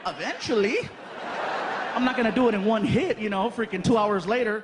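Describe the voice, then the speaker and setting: Animated high-voiced male comedian. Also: fairly quick, crowd noise. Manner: animated storytelling, acts out voices. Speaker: stand-up comedian. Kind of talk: stand-up routine. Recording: live stage mic with audience noise.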